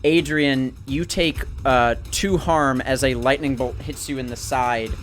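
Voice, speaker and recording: A man narrates a tabletop game as game master, painting the scene in vivid detail. His pitch is average, and faint music plays beneath him. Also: steady tone, measured pace.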